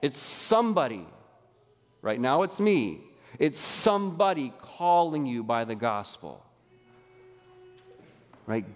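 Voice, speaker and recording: Lively pastor in a reverberant church. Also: male voice, mid-range voice, slow pace, long pauses. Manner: lively, conversational preaching with audience participation. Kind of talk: sermon. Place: church sanctuary.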